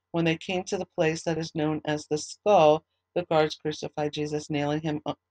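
A man teaching a Bible study, reading scripture aloud in a steady, earnest way and adding short comments of his own. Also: on the high side, no room sound, poor audio.

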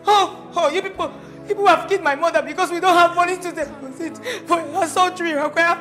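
A woman's voice: very high voice, fairly even intonation, fast, soft background music. A woman playing a sobbing, frantic Nigerian daughter. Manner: shouting, sobbing accusations. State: crying. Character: frantic young woman fearing her mother is dead. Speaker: distraught daughter. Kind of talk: Nollywood film acting.

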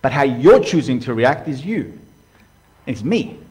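A man preaching to a live congregation, conversational and direct, asking the room questions and swinging between hushed and loud. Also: medium pitch, very animated, measured pace. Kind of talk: sermon. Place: church hall before a live congregation.

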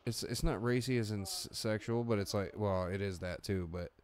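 Low-voiced man doing crude movie commentary. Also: moderate pace, darkish tone. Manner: crude, jokey, laughs often. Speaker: co-host.

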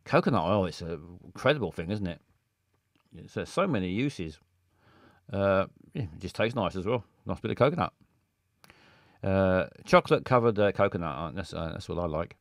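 Brief: a man hosting a stream, chatty and halting, close dry mic. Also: sits low, lively intonation, no room sound. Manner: rambling and hesitant, many fillers. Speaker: streamer host. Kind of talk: casual live-stream chat.

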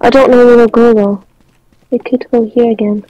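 A woman's voice: on the high side, flat delivery, moderate pace, dark tone, no room sound, muffled recording. A woman playing a team shooter game and chatting casually with teammates over voice chat. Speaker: game player.

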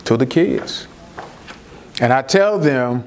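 This middle-aged man, a juvenile court judge, talks to a community audience at a moderate pace over slight background noise. His voice runs a bit high, and he tells stories by acting out courtroom exchanges, rising in pitch for his exclamations and softening low for the children's answers.

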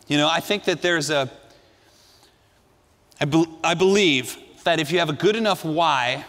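A male pastor preaching a sermon with emphatic delivery, dropping to a hush and then rising to ringing emphasis. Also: a little high, in a large hall. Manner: emphatic, swinging between hushed and ringing delivery.

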